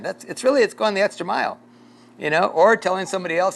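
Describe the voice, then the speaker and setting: A pastor leading a casual Bible study, rambling through a story with lots of fillers and chuckles. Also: male voice, high voice, quick pace, creaky, a bit bright, slight background noise.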